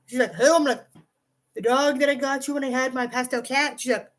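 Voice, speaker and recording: High-voiced young woman rambling a story. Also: normal speed, long pauses, a bit bright. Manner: rambling, restarts often, swears casually. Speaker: vlogger. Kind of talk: casual storytelling.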